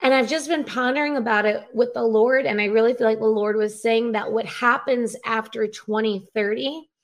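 Upbeat woman guest, higher voice. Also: steady tone, moderate pace. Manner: upbeat, laughs often, many fillers. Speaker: guest, revivalist preacher. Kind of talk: casual interview chat. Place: at home on a live video call.

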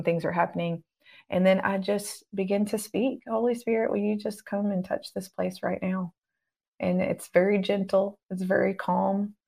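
Calm, low-voiced woman teaching earnestly. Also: creaky. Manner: calm, earnest, instructive, acts out prayers. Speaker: guest minister on deliverance. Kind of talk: conversational teaching interview.

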